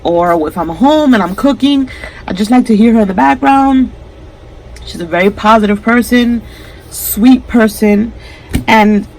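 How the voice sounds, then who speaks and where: A woman's voice: on the high side, slight background noise, rough recording. A woman hosting a crafting channel, talking to camera in a heartfelt, emotional way, close to tears. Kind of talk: casual vlog to camera.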